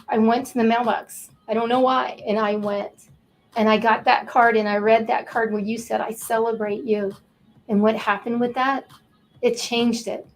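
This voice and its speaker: A woman's voice: fairly high pitch, a little hiss or hum, poor audio. A woman co-hosting a talk show, counseling-minded, speaking emotionally with repeated words and heartfelt emphasis.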